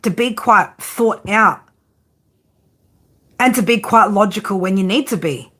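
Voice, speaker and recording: A woman giving a tarot reading, blunt and profane, often tagging her points with a quick "right?". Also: mid-range voice, bright, forceful tone. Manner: frank tough-love delivery. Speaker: tarot reader.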